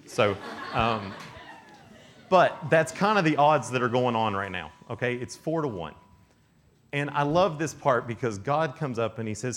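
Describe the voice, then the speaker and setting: Animated young male youth preacher. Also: medium pitch, a little slow. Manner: animated storytelling, acts out voices, laughs often. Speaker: youth speaker. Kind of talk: youth camp sermon.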